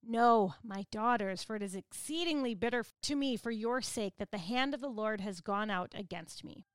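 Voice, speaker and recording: A woman's voice: medium pitch, normal speed, clear, resonant tone, no echo, studio quality, natural voice. A woman voicing a bitter, grieving older widow who pleads emphatically with her daughters-in-law. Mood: pleading.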